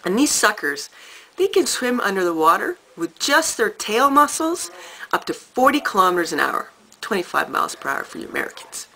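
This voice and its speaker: Bright-toned woman telling a story. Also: mid-range voice, gravelly, rough recording. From Canada. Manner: animated, emphatic, with dramatic pauses. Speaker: vlogger. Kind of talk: casual storytelling to camera.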